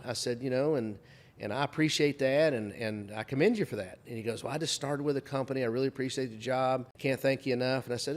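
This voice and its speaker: Fast-talking middle-aged man telling a story. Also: medium pitch. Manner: animated storyteller, acts out quoted voices. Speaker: guest. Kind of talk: casual storytelling chat.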